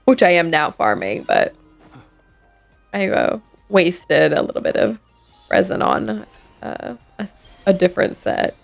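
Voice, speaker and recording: A woman's voice: fairly low pitch, sing-song, measured pace, creaky, long pauses. A woman streaming a game, chatting casually and sleepily, rambling with fillers and restarts. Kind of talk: casual gameplay chat. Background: faint game music.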